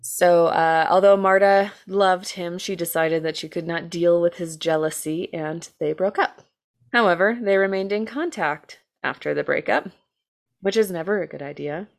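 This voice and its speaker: A young woman with a somewhat low voice tells a true crime story on a podcast. She talks casually and chattily, with lots of "like" and the odd laugh. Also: normal speed. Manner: chatty, many "like"s, laughs often. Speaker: podcast co-host telling a true crime case.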